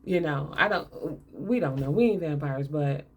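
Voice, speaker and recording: A woman talks through a movie in a loose, chatty way, with a sarcastic edge and plenty of laughter. Her voice sits on the lower side, and she keeps things casual and colloquial. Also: moderate pace, husky. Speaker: movie commentator.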